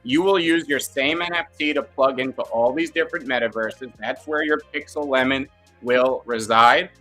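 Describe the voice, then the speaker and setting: A man's voice: medium pitch, normal speed, bright, forceful tone, faint music behind. A man co-hosting a casual podcast chat, playful and jokey, explaining things at length. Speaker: co-host.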